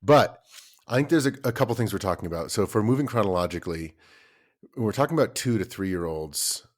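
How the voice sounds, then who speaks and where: Man, 30s, podcast co-host, low-pitched, lively storyteller, casual talk. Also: fairly quick. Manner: animated storyteller, acts out his kids' voices. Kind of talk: casual chat.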